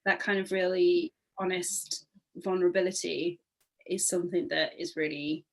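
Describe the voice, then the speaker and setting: A woman's voice: lowish voice, sing-song, normal speed, poor audio. A woman interviewer and performance artist talking in a thoughtful, reflective way in casual conversation.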